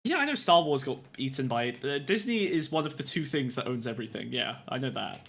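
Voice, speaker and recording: A man co-hosting a comedy podcast, stammering in casual talk and breaking into mock-panicked yelling during an improvised bit. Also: mid-range voice, sing-song, fast. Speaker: podcast co-host.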